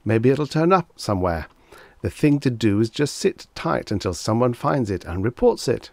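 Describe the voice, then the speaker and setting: A man's voice: medium pitch, very animated, normal speed, creaky, darkish tone, dry recording, pitched above the performer's own voice. A man voicing a foppish young man-about-town who talks breezily and fakes innocence. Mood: breezy. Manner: breezy, evasive, feigning innocence.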